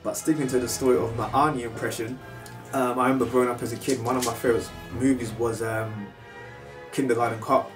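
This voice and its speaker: British male vlogger with an easygoing storytelling style and a mid-pitched voice, recorded a bit away from the mic over faint music. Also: fast, far from the mic. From United Kingdom. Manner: chatty and animated, slips into loud film impressions. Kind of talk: casual storytelling.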